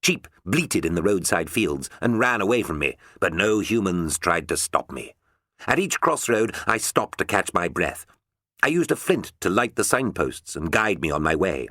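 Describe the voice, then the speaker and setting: Brief: male audiobook reader, lowish voice, expressive telling. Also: normal speed, dry recording, clean studio sound. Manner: expressive storytelling. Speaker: audiobook narrator. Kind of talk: scripted audiobook narration.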